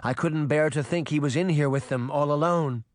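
A man's voice: on the high side, normal speed, dry recording, studio quality, natural voice. A man voicing a powerful witch mother who soothes and reassures her son. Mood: gentle.

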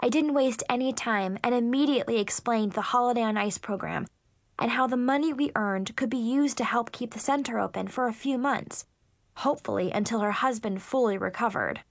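A woman narrating a first-person teen story in a lively, expressive way. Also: on the high side, brisk, no room sound, clean studio sound. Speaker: audiobook narrator.

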